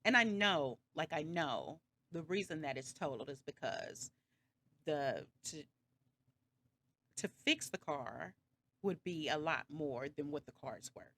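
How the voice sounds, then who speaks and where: Woman vlogger rambling thru a storytime, kinda low voice, backtracks a lot, little sarcastic. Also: lively intonation, measured pace, fairly bright tone, a little hiss or hum. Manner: rambling, backtracks often, many fillers; sarcastic, slightly dramatic retelling. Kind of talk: casual storytime monologue.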